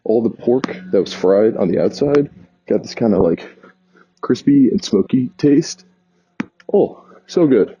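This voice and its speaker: A man's voice: mid-range voice, expressive, unhurried, dark tone, husky, dry recording. A man from New York casually telling a meandering travel story, often stopping to correct himself. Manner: meandering, self-correcting, chatty. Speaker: vlogger. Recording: dull lo-fi sound.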